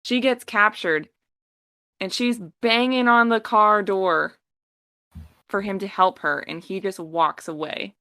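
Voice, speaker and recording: A woman on a podcast, retelling a story in a lively, casual way and acting out the characters' lines. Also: mid-range voice, takes it slowly, no echo. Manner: animated storytelling, acting out quotes. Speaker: podcast co-host.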